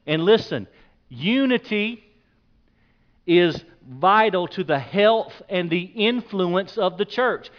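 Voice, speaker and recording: A man preaching a sermon as pastor, emphatic, repeating key points and dropping his voice low on the words he stresses. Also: smooth, muffled recording.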